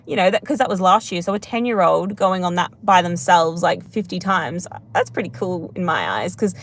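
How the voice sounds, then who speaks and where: A woman's voice: lowish voice, expressive, moderate pace. Aussie woman in her 30s doing a live q&a, rambly and chatty, keeps laughing at herself. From Australia. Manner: rambling, chatty, self-deprecating. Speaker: livestream host answering comments. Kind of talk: casual live Q&A chat.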